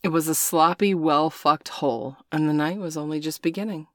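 A woman with a low, deep voice reads an erotic story aloud. Her narration is steady and unhurried. The sound is dry and close to the mic. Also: no room sound.

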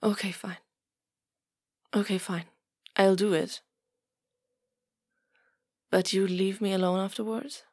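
A woman's voice: medium pitch, fairly even intonation, slow, pauses often, a little mellow, breathy edge, no room sound, studio quality. A woman in a whispered role-play, talking in a pleading, hesitant way that often drops to a whisper. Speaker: audio role-play performer.

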